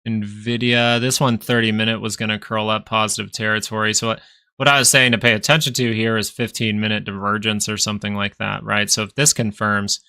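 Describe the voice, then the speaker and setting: Male livestream host, chatty and rambling, gravelly low voice with a tense, bright edge. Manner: rambling, chatty, answers viewers directly. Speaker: stock market livestream host. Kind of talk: casual live stream market commentary.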